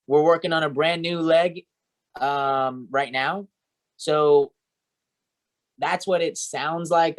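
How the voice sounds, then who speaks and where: A man training a sales team, coaching and encouraging, often checking in with "right?" and "okay?". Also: a little high.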